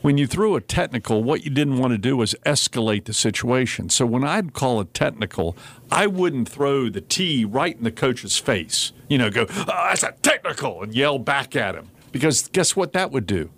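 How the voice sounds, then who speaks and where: A talk radio host chats casually, telling stories as an animated storyteller and acting out quotes in raised voices. His voice is mid-range, at normal speed.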